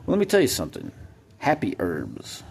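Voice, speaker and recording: Gravelly, dark-toned man, rambling and profane vlog monologue. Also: low voice, wildly swooping pitch, a little fast. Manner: rambling, profane, jumps between topics.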